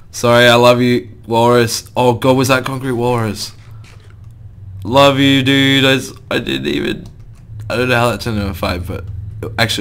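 A young man chatting his way through a gameplay session, loose and self-mocking, with the odd curse. His voice sits a little low but comes across bright and forward. Keyboard typing clicks away behind him. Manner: chatty, swears and laughs at himself. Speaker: gaming video host. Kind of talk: casual gameplay commentary.

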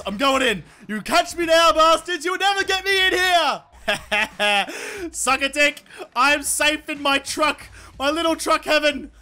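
Over a desk microphone, an excitable man with a high voice provides let's-play commentary for his gaming channel, cursing and hollering often. All that yelling has given him a sore throat.

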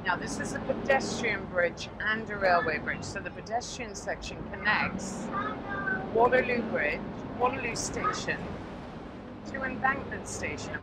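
A woman's voice: medium pitch, expressive, a little slow. A woman narrating a river boat tour in a chatty, upbeat, informal way, recorded on an outdoor deck with a camera mic. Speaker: tour guide. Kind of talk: narrated walking-tour vlog. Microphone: camera mic, filming herself. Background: loud engine and water noise.

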